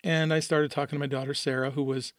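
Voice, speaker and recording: A man's voice: a little high, level tone, fast, no room sound, studio quality. A middle-aged man from the American Midwest, hosting a podcast and telling a personal story in an earnest, openly emotional way. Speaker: podcast host. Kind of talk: personal monologue.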